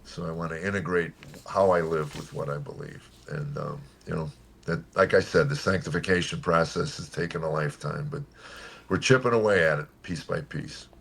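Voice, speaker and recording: A comedian in his seventies telling stories in a radio interview, lively when quoting people and quiet and earnest on serious points. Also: moderate pace, creaky, husky. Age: 70s. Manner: animated storyteller, jumps high for quoted voices. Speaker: comedian guest.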